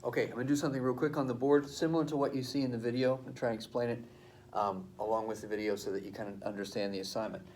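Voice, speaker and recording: A man's voice: mid-range voice, fairly even intonation, very fast, darkish tone, a little hiss or hum. A male teacher explaining a poetry assignment to his class at the board in a casual, chatty way.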